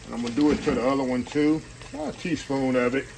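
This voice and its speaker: Talking fast in a gravelly, medium-pitched voice, a man runs a casual cooking demo in his home kitchen. He's folksy and talkative, calling viewers y'all, over very noisy audio.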